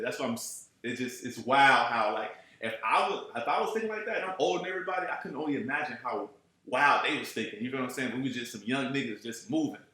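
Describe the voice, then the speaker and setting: A man from Chicago telling a road-trip story in a casual, animated way, cursing freely, full of slang and asides. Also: medium pitch. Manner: animated, profane, streetwise slang, keeps asking "you know what I'm saying". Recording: very echoey room.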